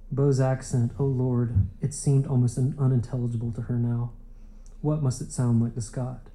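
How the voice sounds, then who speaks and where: A man reading a literary novel aloud in a measured, unhurried way. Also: mid-range voice, level tone, dark tone, rough recording. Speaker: audiobook narrator. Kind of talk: literary audiobook narration.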